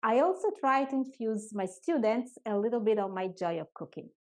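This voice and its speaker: A woman with an Italian accent, hosting a live online cooking class from her home kitchen in a chatty way, often pausing to find her English words. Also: fairly high pitch, lively intonation. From Italy. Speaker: cooking teacher and host.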